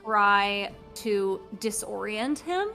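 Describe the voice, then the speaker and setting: A woman playing in a tabletop game, hesitant and unhurried. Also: mid-range voice, lively intonation, bright, forceful tone, soft background music. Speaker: player. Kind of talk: casual tabletop play.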